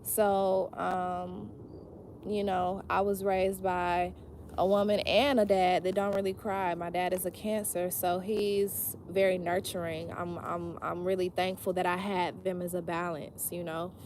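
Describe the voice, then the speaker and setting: A woman's voice: fairly low pitch, level tone, measured pace, a little mellow, slight background noise, rough recording. A woman giving a casual weekly tarot reading, blunt, profane and emphatic, repeating her points straight to the viewer. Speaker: tarot reader.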